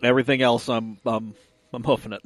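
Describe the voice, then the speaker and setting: A man's voice: medium pitch, little pitch movement, fairly quick, no room sound. A man co-hosting a casual car podcast, who is laid-back and self-mocking and laughs often. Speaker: podcast co-host.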